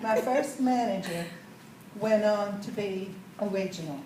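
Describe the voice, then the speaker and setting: A woman's voice: medium pitch, measured pace, a loud crowd, very noisy. Give me a folksy woman speaking to a group, heard far off in a roomy space. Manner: folksy, chatty, asks the audience questions. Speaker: sales manager telling her story. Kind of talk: storytelling talk to a group. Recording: echoey room, mic far off.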